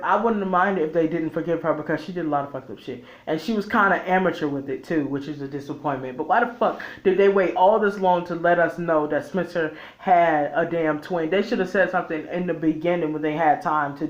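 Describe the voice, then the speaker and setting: Brief: sassy, exasperated vlogger tearing into an episode, swearing freely, mid-pitched voice in an echoey room. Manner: repeats and restarts phrases while venting. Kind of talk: heated ranting review. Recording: roomy echo.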